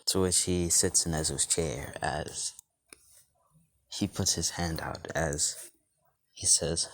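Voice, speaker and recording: A man's voice: low-pitched, measured pace, no echo. A man casually narrating a fan-made story in a rambling, loose way full of fillers.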